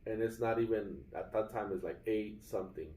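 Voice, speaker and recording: A man's voice: on the low side, brisk, dark tone, far from the mic. Rambling man venting in a roomy hotel room. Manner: rambling, frequent fillers and restarts, addresses viewers as guys. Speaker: vlogger. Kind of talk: casual vlog complaint.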